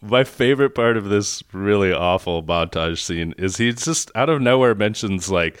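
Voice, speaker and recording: A man in casual podcast chat, mocking a movie with animated, profane retelling and frequent laughter. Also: lowish voice, moderate pace, hardly any pauses, clean tone, no echo, clean studio sound.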